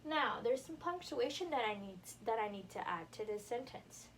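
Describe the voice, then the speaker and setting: A young woman teaching a classroom grammar lesson, encouraging and slow-spoken as she writes on the board. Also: fairly high pitch, lively intonation. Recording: distant camera with faint room noise.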